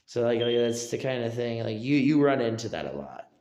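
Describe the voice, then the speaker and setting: A man's voice: mid-range voice, sing-song, fairly quick, a little mellow, reverberant, muffled recording. A man streaming, rambling and repeating himself as he keeps asking listeners if they agree. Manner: rambling, repetitive, asks for agreement. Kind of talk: casual livestream rambling.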